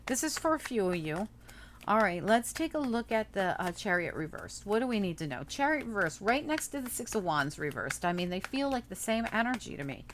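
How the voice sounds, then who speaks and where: A woman's voice: medium pitch, big pitch swings, a little fast, slight background noise. A woman doing a casual tarot reading, chatting and thinking aloud as she turns the cards over. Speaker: tarot reader.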